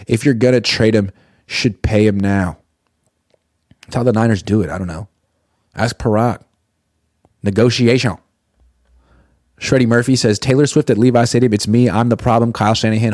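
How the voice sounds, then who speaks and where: A man's voice: on the low side, moderate pace, long pauses, darkish tone, no echo, studio quality. A man hosting a casual sports live stream, reading viewer comments aloud and answering them bluntly, swearing now and then.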